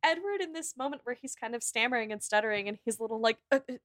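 A woman's voice: on the high side, racing, no room sound, clean studio sound. A woman chatting casually on a podcast about a film, joking and mimicking characters. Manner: lively, jokey, mimics characters. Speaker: podcast guest.

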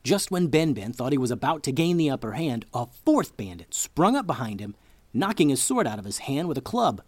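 A man narrating a children's story with a lively, expressive reading. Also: medium pitch, fairly quick, no room sound.

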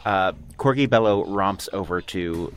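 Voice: deep voice, a little slow, over music. A player in a tabletop game, easygoing, describing his character's actions.

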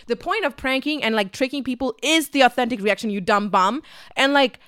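A woman's voice: a little high, animated, fairly quick, fairly bright tone, no echo, clean studio sound. A young woman whose first language is Tamil, hosting a podcast and telling a story casually, swearing freely and saying "like" often. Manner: chatty and profane, heavy use of "like". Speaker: podcast host.

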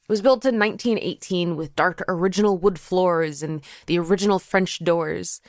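A woman's voice: lowish voice, normal speed, no echo, studio quality. A young woman from Florida narrating a first-person story in a wry, conversational way. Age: young adult.

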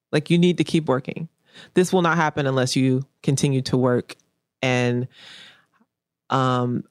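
A woman's voice: very deep voice, no room sound. Blunt, emphatic woman painter, dry sound. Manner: blunt and emphatic, repeats key phrases. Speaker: painter being interviewed. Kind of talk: candid casual interview talk.

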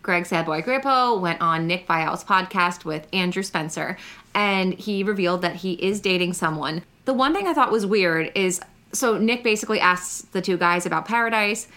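Young female co-host, bright and chatty, teasing gossip delivery. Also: on the low side, animated, normal speed. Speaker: podcast co-host. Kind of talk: casual gossip chat.

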